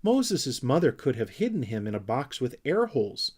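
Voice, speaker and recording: A man's voice: mid-range voice, big pitch swings, moderate pace, darkish tone, husky. A man voicing a sweet, dreamy young girl creature in a storybook reading.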